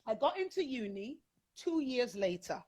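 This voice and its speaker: High, lively British-accented woman. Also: moderate pace, breathy edge, rough recording. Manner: animated, chatty storyteller with frequent fillers. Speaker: guest. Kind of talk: personal storytelling in an interview.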